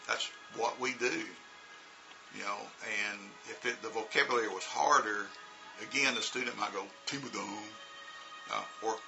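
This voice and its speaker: A man's voice: medium pitch, creaky, bright, forceful tone, poor audio. A middle-aged American man talking casually as an English teacher in a vlog, demonstrating pronunciation with spoken examples. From United States. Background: background music.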